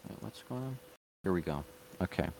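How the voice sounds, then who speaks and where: A man's voice: low voice, lively intonation, a little fast, gravelly, darkish tone, slight background noise. A man hosting an online show, giving casual and sarcastic reaction commentary in a mocking tone. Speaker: online video host.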